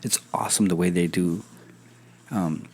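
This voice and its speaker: Podcast host, young adult man, animated storyteller, casual and profane. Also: low voice, normal speed, slightly rough. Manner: animated storyteller, acts out quoted voices, swears casually. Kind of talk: casual chat.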